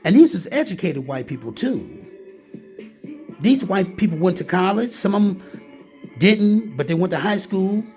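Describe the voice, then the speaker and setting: A man's voice: high-pitched, animated, moderate pace, pauses often, a little mellow, soft background music. A man delivering a heated, repetitive ranting monologue, talking straight at the listener and often calling him "man". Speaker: vlogger.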